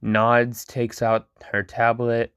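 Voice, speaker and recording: A man hosting his channel, reading a chatbot role-play aloud in a monotone, stumbling over words and breaking off to react bluntly. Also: medium pitch, takes it slowly, smooth, no echo, clean studio sound. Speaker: channel host reading an AI chat.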